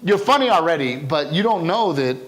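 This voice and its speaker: A stand-up comedian tells stories in a relaxed interview, chatty and animated, often finishing his lines with "right?" His voice runs fairly high and his pace is brisk.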